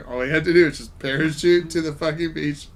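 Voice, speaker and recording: A man's voice: fairly high pitch, a little fast. Laughing man telling gaming stories. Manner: animated storytelling, laughs often. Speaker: podcast host. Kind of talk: casual gaming chat.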